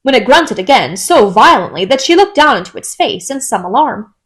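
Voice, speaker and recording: Expressive woman reading a classic storybook. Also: on the high side, fairly quick. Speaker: audiobook narrator. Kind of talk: storybook narration of a classic novel.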